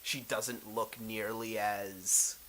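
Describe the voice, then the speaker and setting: A man's voice: on the low side, slow, a crowd in the background, rough recording. Hesitant male game master. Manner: relaxed, hesitant, many fillers. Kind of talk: narrating a tabletop role-playing game.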